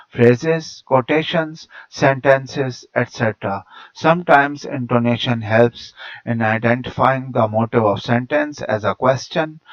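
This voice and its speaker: Man reading a lesson aloud, muffled sound. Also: medium pitch. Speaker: teacher. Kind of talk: read-aloud lecture narration. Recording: dull lo-fi recording.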